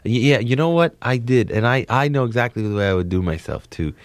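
A young man from New Jersey, a comedian being interviewed, talking in a rambling, excitable way with frequent restarts. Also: mid-range voice, a little fast, no room sound. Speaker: comedian guest. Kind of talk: casual interview chat.

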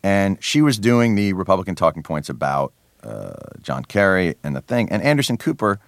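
A man with a very deep voice swings up and down in pitch as he talks. He sounds sardonic and animated, tripping into restarts as his thoughts outrun his words. The sound is close and dry, as from a studio mic. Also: moderate pace, no echo. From New Jersey. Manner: many restarts and fillers. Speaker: interview guest, comedy show host. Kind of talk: radio interview.

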